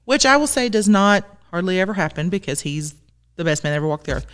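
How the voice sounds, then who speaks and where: A woman co-hosting a casual podcast chat, telling animated stories and acting out what people said. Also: on the low side, fast talker, smooth, long reverb tail. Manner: lively, animated storytelling with acted-out quotes. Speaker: podcast co-host.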